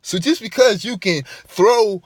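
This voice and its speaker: A man's voice: high voice, a little slow, no room sound, studio quality. A man delivering an emphatic, profane vlog rant, hammering his points by repeating them. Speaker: vlogger. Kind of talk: ranting monologue to camera.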